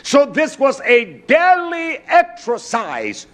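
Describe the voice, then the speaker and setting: A man preaching a sermon, emphatic, repeating key words, with frequent "uh" pauses and bursts of raised volume. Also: very high-pitched, huge pitch swings, a bit bright.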